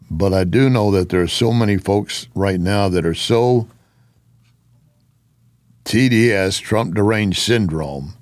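A man's voice: on the low side, dry recording, studio quality. A man giving an opinionated political commentary monologue, with sarcastic asides.

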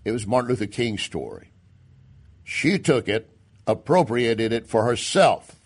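A man's voice: mid-range voice, lively intonation, a little slow, slightly rough. A man hosting a political commentary show, talking in an emphatic, sarcastic way with stumbles and restarts. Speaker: talk show host. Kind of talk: opinion commentary.

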